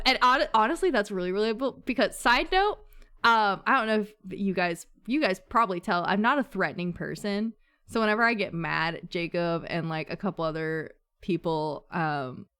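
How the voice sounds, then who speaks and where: A woman hosting a casual book club chat, bubbly and laughing often, with quick asides. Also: mid-range voice, fairly bright tone, smooth.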